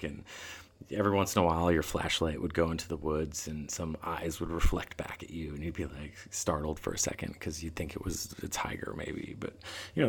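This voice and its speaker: A man telling a travel story in a casual chat, animated and acting out what people said. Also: rumbling low, husky. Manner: animated, laughing, acts out quoted lines. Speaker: guest storyteller.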